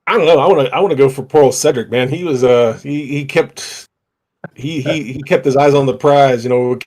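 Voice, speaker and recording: A man's voice: mid-range voice, a little fast, a little mellow. A man playing a tabletop game chats casually about the session. He stumbles and restarts his sentences as he goes. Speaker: tabletop player.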